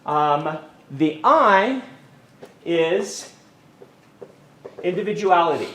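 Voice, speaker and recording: A man's voice: on the high side, expressive, drawn-out words, a bit bright, a little hiss or hum. Man lecturing on creative writing. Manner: conversational, many ums and restarts. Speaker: writing instructor. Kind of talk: university lecture. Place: lecture hall.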